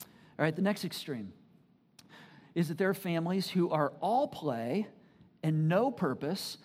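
A preacher giving a sermon in a conversational, animated way, with frequent asides that check in with the listeners. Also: a little slow, pauses often, breathy edge. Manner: swings between low asides and loud excited bursts.

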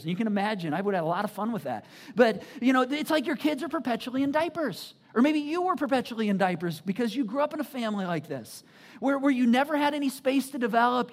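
A preacher giving a sermon in a conversational, animated way, with frequent asides that check in with the listeners. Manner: swings between low asides and loud excited bursts.

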